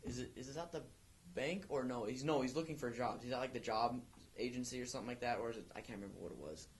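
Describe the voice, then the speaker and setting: Talking fast in a mid-range voice, this young podcast co-host chats casually on an amateur show. He rambles, keeps restarting his sentences, and leans on fillers.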